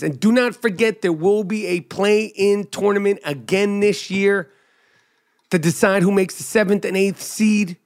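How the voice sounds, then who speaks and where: Male podcast host, high voice, brash and profane sports riffing. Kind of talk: casual basketball commentary monologue.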